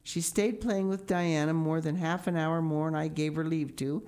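A stern, practical older woman guardian with a brisk, dry, scolding delivery, as a woman reading a storybook puts her on. She sounds no-nonsense and sharp. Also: sits low, fairly even intonation, natural voice. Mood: impatient.

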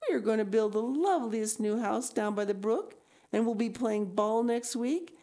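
A woman voicing an excitable young schoolgirl who pleads with her friend in a high, tearful, gushing way. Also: normal speed, natural voice. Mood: wistful coaxing.

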